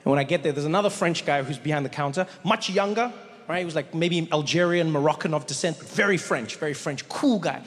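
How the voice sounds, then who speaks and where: High-voiced man doing stand-up. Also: fast, long reverb tail. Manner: animated, conversational. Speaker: stand-up comedian. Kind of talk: stand-up storytelling.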